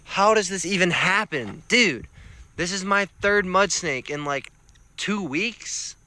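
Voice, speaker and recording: A young man vlogging on a rural road at night, chatty, excitable and self-mocking, with slang. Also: sits high, takes it slowly. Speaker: field herper vlogger. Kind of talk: casual vlog narration on the road.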